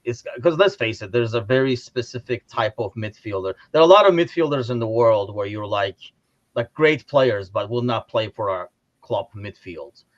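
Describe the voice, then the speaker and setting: A man hosts a casual sports livestream with a lively voice that rises and falls freely. He rambles with restarts and reads out viewer comments. The audio is dull and lo-fi. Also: medium pitch, moderate pace. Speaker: podcast host.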